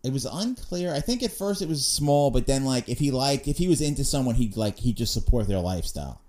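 Man, podcast co-host, quick, mellow, rambling. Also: mid-range voice, animated. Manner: rambling, trails off mid-sentence. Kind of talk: casual podcast chat.

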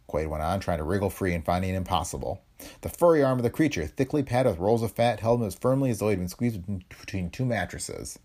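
A man narrating a pulp adventure story in a dramatic, expressive storytelling manner. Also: deep voice, quick pace.

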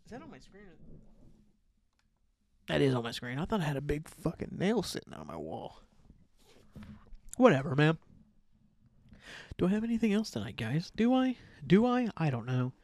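A man's voice: fairly high pitch, huge pitch swings, normal speed, creaky, long pauses, a little mellow, dry recording. Rambling man hosting a solo podcast. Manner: rambling, loose, swears casually, trails off often. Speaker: podcast host.

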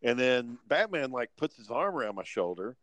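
A man co-hosting a podcast tells a convention story at a moderate pace in a medium-pitched voice, swearing freely and acting out others' lines with animation. The background is noisy.

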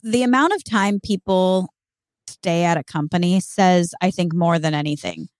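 Candid expressive woman in casual chat. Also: lowish voice, dry recording. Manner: candid, expressive, quick reactions. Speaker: podcast co-host.

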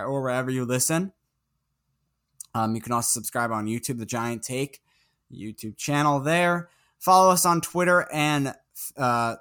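A man's voice: mid-range voice, bright, forceful tone, clear, resonant tone. A young man co-hosting a casual sports podcast, talking in a rambling way full of fillers and small laughs. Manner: rambling, filler-heavy, chuckling. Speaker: podcast co-host.

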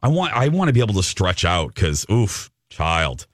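Animated, campy man hosting a radio show. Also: sits low, normal speed, no room sound, clean studio sound. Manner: animated storyteller, campy and sassy. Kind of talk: casual chat. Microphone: studio mic.

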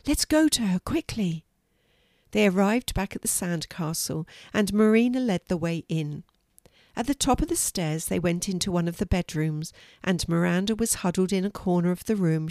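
An older woman reading a children's storybook aloud, gentle and measured. Her voice sits fairly low, and the recording is dry and close. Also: no room sound. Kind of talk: storybook narration.

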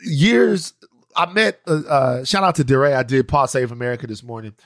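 A man co-hosting a podcast in casual chat, animated and prone to restarting and repeating his phrases. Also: medium pitch, moderate pace, dry recording, studio quality. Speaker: podcast co-host.

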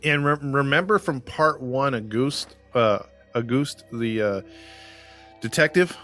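A man's voice: medium pitch, measured pace, a bit bright, faint music behind. A man casually telling a crime case as podcast host, with many fillers and restarts. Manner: rambling, filler-heavy storytelling. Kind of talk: casual true crime chat.

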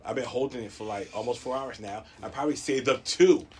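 Man, casual storyteller, loud cursing, acts out quotes with big high jumps, faint noise. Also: a little fast.

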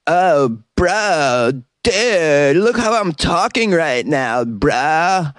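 A man's voice: a little high, sing-song, extremely slow, dry recording, clean studio sound, pitched above the performer's own voice, full character voice. A man doing a drawling surfer dude. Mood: stoned. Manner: drawling, slangy. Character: laid-back male surfer dude.

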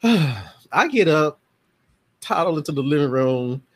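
Lively storytelling man on a podcast. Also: a little high, slow, husky, no echo. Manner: lively storyteller who acts out family members' voices. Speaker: podcast guest. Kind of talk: casual chat.

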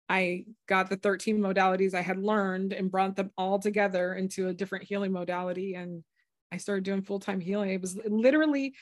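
A woman's voice: mid-range voice, no echo, studio quality. A woman guest, a healer and former psychic, telling a story in conversation and acting out the voices she quotes. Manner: animated, acts out quoted voices.

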